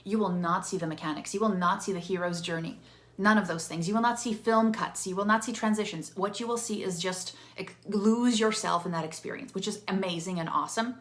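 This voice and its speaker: Chatty, animated woman coaching. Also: mid-range voice, fairly quick. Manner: animated, chatty, with restarts and rhetorical "right?". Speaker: interactive storytelling coach. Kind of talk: casual teaching talk to viewers.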